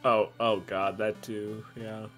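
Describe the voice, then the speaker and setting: A man's voice: on the low side, takes it slowly, soft background music. A man with a Midwestern American accent chatting casually during a game stream, joking and laughing often. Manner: animated, laughs often, jokes about accents. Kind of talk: casual chat while gaming.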